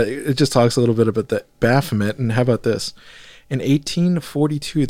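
A man hosting a podcast, reading a text aloud haltingly with fillers and skipped words. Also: mid-range voice, a little mellow, no echo. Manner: reads haltingly, with fillers and skips. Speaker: podcast host.

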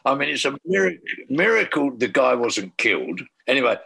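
A man, a former band manager, telling a profane and animated backstage anecdote in casual talk. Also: mid-range voice, normal speed, gravelly, breathy edge.

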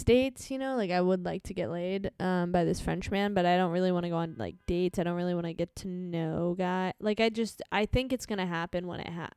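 A woman's voice: on the low side, darkish tone, clear, resonant tone, no echo, clean studio sound. A young adult woman co-hosting a casual chat podcast, telling stories with quoted dialogue and frequent laughter. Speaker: podcast co-host.

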